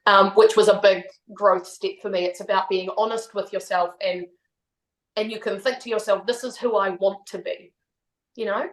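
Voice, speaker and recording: A woman's voice: medium pitch, steady tone, moderate pace. A woman in her thirties with a New Zealand accent, a podcast guest talking candidly and reflectively, laughing often. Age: 30s. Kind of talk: casual chat. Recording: roomy echo.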